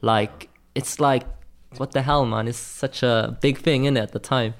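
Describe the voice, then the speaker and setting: A graphic designer from Wales, with a light Welsh accent, tells stories as a guest in a loose, chatty interview, peppering his speech with "like" and "man." His voice is medium-pitched, with fairly even intonation and a moderate pace.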